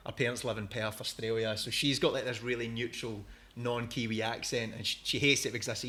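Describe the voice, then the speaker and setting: A Scottish man hosts a relaxed podcast conversation at an ordinary, middle pitch. He chats loosely and rambles, and laughs easily between his questions. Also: a little fast, hardly any pauses. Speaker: podcast host. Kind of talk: casual interview chat.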